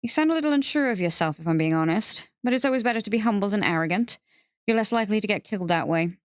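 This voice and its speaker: A woman voicing a brisk female executive who speaks in a clipped, businesslike way, cool and faintly amused. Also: medium pitch, expressive, dry recording, clean studio sound, voice pushed up, lightly acted.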